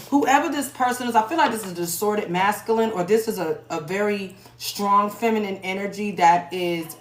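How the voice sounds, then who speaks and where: A woman from New York in her thirties or forties gives a loose, conversational tarot reading, circling back and repeating herself. Her voice sits at a middling pitch. The recording is roomy and echoey, with steady background noise. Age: 30s to 40s. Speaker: tarot reader.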